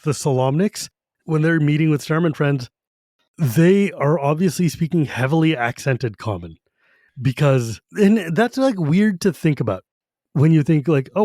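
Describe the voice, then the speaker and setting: A man's voice: fairly high pitch, darkish tone, no echo, clean studio sound. A man co-hosting a podcast in casual fan discussion, enthusiastic and rambling, swearing now and then. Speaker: podcast co-host.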